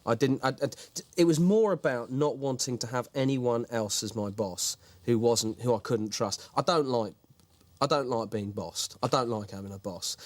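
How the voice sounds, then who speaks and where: A man's voice: fairly low pitch, dry recording, lightly acted. An actor playing a pompous, self-important male horror author in a mock documentary interview, grandiose but stumbling over his words. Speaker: writer and lead actor being interviewed.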